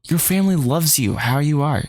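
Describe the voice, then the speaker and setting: A man reading the lines of a gentle young woman who is comforting a friend, speaking earnestly into a desk microphone. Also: fairly high pitch, animated, normal speed, slight background noise, voice pushed up. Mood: reassuring.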